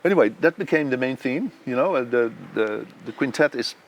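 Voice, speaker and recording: A middle-aged Dutch-accented man chats through an interview as a composer. He tells stories with lively energy, breaking into sung melodies to make his point. His voice sits at an ordinary middle pitch. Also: brisk. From Netherlands. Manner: animated storyteller who sings melodies aloud.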